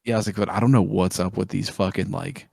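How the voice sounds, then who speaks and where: A man's voice: on the low side, steady tone, fast, creaky, darkish tone, slightly rough, no room sound. A man co-hosting a podcast, chatting casually and enthusiastically about cars, swearing freely as he rambles. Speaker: podcast co-host. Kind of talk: casual chat.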